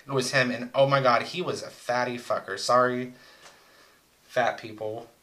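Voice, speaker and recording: A man's voice: medium pitch, steady tone, moderate pace, sharp tone, rough recording. A young man chatting casually as co-host, rambling through crude, joking stories about old roommates. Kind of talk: casual chat.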